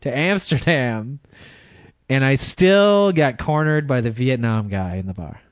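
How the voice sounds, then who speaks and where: A man's voice: medium pitch, lively intonation, unhurried, no echo, studio quality. A man on a podcast, telling a rambling story in casual chat, laughing through it. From Michigan. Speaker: podcast regular.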